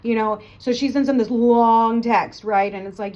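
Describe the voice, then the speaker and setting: A woman teaching nursing students, telling a playful story quickly and stopping to check in with "okay?" after almost every point. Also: on the high side, steady tone, darkish tone. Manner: fast, chatty, playful, keeps checking with "okay?". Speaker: nursing tutor.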